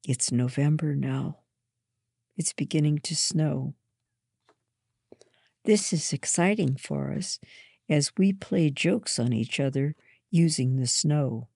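A narrator reading a first-person story aloud in a slow, measured way. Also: medium pitch, lively intonation, vocal fry, a little mellow, slightly rough, no echo, clean studio sound.

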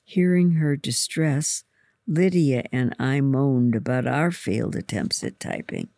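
A slow, gravelly narrator reading a first-person storybook. The pitch moves a lot as they tell it, and the sound is close and dry. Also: very animated, darkish tone, no echo.

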